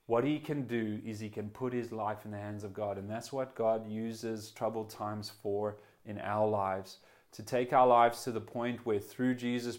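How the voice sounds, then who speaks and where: Male preacher, mid-range pitch, earnest sermon delivery with quoted prayers. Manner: earnest, rises for quoted prayers, drops soft at hushed moments.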